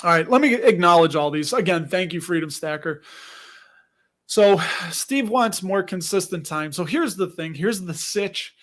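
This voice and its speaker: A man's voice: high voice, lively intonation, moderate pace, a bit bright. A man with a Chicago accent hosting a casual livestream, rambling and chatty, laughing often as he reads comments. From Chicago area. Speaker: livestream host.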